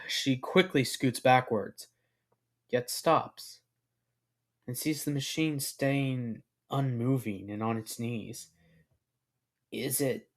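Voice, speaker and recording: A man reading his own fan fiction story aloud as narrator, unhurried and with halting restarts. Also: mid-range voice.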